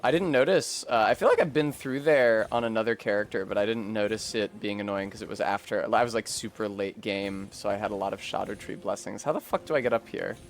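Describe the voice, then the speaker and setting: Sarcastic New England streamer. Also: male voice, lowish voice, a little fast, few pauses, slight background noise. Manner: sarcastic and joking, swearing, bursts into shouts when frustrated. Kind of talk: casual gameplay commentary.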